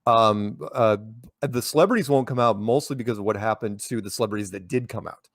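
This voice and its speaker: A man's voice: fairly low pitch, brisk, no echo, studio quality. An American man, a guest in an interview, telling stories in a loose, rambling way with many restarts and repeated words. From United States. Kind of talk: casual conversational storytelling.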